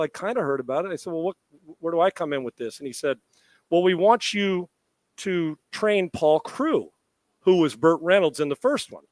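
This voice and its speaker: A middle-aged man co-hosting a sports talk show, telling a long, animated story with quoted dialogue and salty language. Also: fairly high pitch, no echo.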